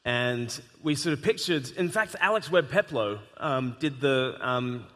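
A man hosting a live conversation on stage, telling stories with animated emphasis. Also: medium pitch, a little slow. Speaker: host. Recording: echoey hall.

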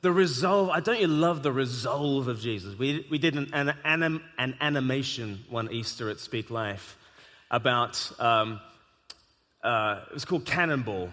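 A man hosting a live conversation on stage, telling stories with animated emphasis. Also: medium pitch, normal speed. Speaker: host. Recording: echoey hall.

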